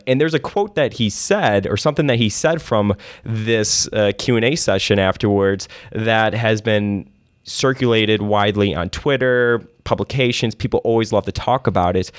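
A man's voice: on the low side, normal speed, dry recording, studio quality. A man hosting a podcast, chatting casually and telling stories with plenty of fillers. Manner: conversational, storytelling with many fillers. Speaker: podcast host. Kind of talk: casual investing podcast chat.

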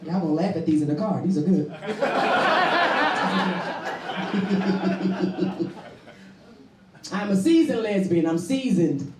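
A woman's voice: mid-range voice, sing-song, very slow, long pauses, far from the mic, very noisy. A woman performing a stand-up comedy set on a club stage, brash and bawdy, repeating her punchlines for effect. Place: comedy club stage before a live audience. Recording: roomy live recording from off-mic, loud audience laughter.

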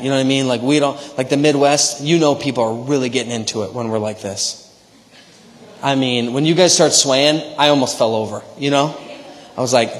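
A pastor delivering a sermon in a church, talking conversationally with frequent "right?" asides to the congregation. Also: male voice, medium pitch, moderate pace. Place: church sanctuary. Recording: long church hall reverb.

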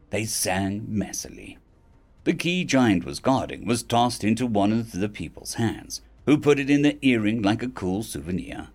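Lively male web novel narrator. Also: on the low side, moderate pace. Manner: expressive, jumps into character voices. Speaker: audiobook narrator. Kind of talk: reading a web novel aloud.

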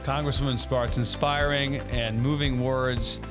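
A man's voice: mid-range voice, steady tone, measured pace, over music. A man hosting an interview podcast, formal but stumbling over repeated words. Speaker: podcast host.

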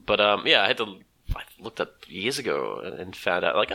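An Australian man co-hosting a casual podcast chat, animated and laughing often, acting out quotes in a high voice. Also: a little fast, gravelly. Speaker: podcast co-host.

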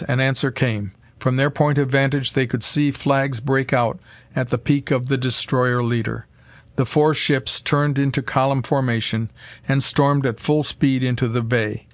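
A man narrating an old adventure story in a steady, measured reading voice. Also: medium pitch, no room sound. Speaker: audiobook narrator. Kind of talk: scripted narration.

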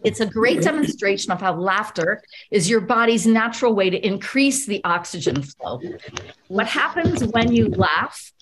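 A woman's voice: mid-range voice, big pitch swings, normal speed, background noise. A woman leading a group laughter session, coaching in an upbeat way and often laughing as she talks.

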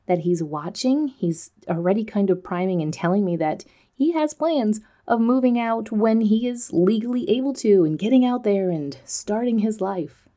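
Warm-voiced chatty woman podcaster. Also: mid-range voice. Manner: chatty, self-deprecating, quick to laugh. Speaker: podcast host. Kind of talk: candid personal monologue.

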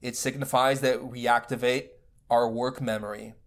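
Man giving a measured spiritual lecture. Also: mid-range voice, flat delivery. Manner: measured, deliberate teaching delivery. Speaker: spiritual teacher.

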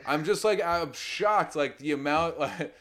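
A man co-hosting a podcast in casual chat, talking in a loose, animated way with lots of fillers and the odd curse. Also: unhurried. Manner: animated storyteller who acts out quotes with loud pitch jumps; swears casually, many fillers like "you know" and "man". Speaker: podcast co-host.

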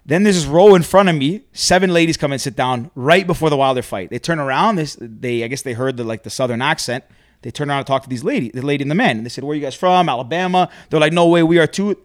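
A man from Canada chatting casually on a podcast, telling a long story in an animated way. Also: on the high side, dry recording, studio quality. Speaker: podcast host.

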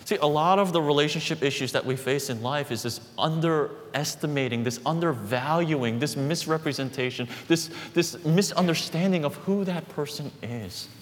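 A man preaching a sermon as pastor, emphatic, repeating phrases and slowing down on key words. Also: on the high side. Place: church hall. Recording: reverberant hall with faint background noise.

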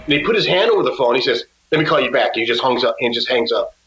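A male guest musician telling a casual story in a halting way, with many restarts and laughs. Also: mid-range voice, animated, a bit bright, reverberant, a little hiss or hum, poor audio.

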